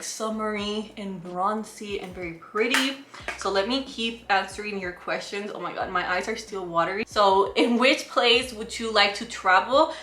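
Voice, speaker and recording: A woman's voice: mid-range voice, slight background noise. A young woman with a Spanish accent, a beauty vlogger chatting and telling stories during a get-ready-with-me Q&A, laughing easily. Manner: animated storytelling, laughing easily. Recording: roomy echo.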